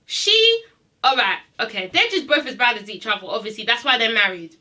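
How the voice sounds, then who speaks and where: A woman's voice: fairly high pitch, expressive, brisk, bright, forceful tone. A woman recapping a reality TV episode in a blunt, sassy rant, swearing freely and repeating herself for emphasis. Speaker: reality TV reviewer. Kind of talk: casual ranting recap.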